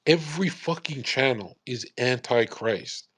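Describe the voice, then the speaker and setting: A man's voice: mid-range voice, a little slow, husky, no echo. A man streaming on a live audio space, rambling in a casual monologue full of swearing and "bro". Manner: profane, animated, calls listeners "bro".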